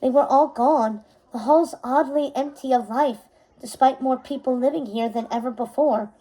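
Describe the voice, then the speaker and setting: A woman reading a novel aloud as narrator, steady and unhurried, now and then correcting a word. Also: high voice, poor audio.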